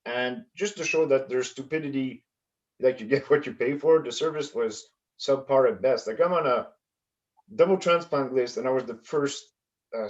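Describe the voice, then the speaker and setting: A man from Canada doing a stand-up comedy set over a video call, with a halting delivery full of fillers. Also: medium pitch, muffled recording.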